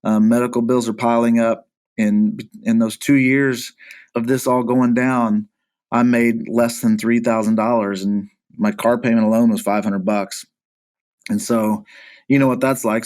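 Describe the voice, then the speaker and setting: A man's voice: mid-range voice, darkish tone. Earnest man telling his story. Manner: earnest storytelling, frequent restarts and repeated words. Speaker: pastor, guest. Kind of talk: personal testimony in a podcast interview.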